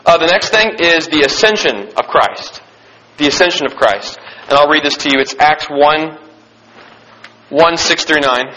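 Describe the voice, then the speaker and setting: A young man preaching a sermon, reading scripture and stressing key points with excitement and repetition. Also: fairly high pitch, unhurried, poor audio. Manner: emphatic and excited, repeating key phrases; frequent restarts and fillers.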